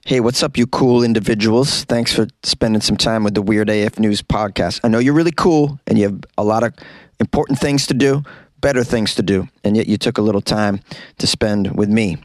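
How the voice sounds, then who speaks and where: A man's voice: fairly low pitch, fairly quick, a little mellow, dry recording. A man hosting a comedic news podcast, reading items aloud and riffing sarcastically, recorded close in a small closet. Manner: reads news aloud, then riffs sarcastically.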